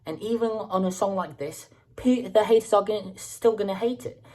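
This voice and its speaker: A woman's voice: medium pitch, moderate pace, a little mellow. A woman hosting a music reaction video, talking casually and stumbling over repeated words as she thinks aloud.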